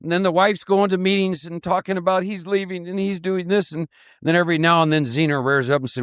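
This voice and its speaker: A man leading a live recovery workshop, talking in an animated, repetitive way and laughing often. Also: fairly high pitch, a little fast, clean tone, no room sound, studio quality.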